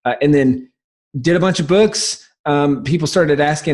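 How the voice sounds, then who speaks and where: A business founder from South Carolina, guesting on a casual podcast interview, tells stories fast and enthusiastically, often restarting his sentences. He has a light Southern accent and a somewhat high, slightly mellow voice.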